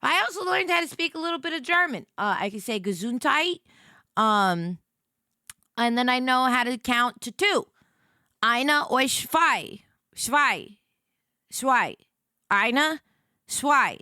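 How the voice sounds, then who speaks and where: A woman's voice: high voice, lively intonation, a little slow, sharp tone, dry recording, studio quality. A woman livestreamer chatting casually with her viewers, playful and rambling, often stammering and repeating herself. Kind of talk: casual stream chat.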